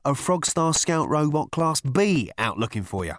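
A short, stocky, weather-beaten man hisses urgent, clipped warnings in a raised voice, acted by a man reading the audiobook. His pitch swings widely. The sound is dry and close. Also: sing-song, moderate pace, fairly bright tone, dry recording.

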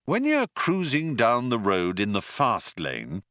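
A man's voice: mid-range voice, huge pitch swings, unhurried, a bit bright, no echo. A man narrating an audiobook in a dry, wry storytelling manner. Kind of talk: scripted narration.

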